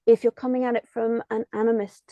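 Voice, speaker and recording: A woman's voice: a little high, flat delivery, fast talker, no room sound, dull audio. A woman host asking thoughtful, probing questions in a casual interview. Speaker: podcast host.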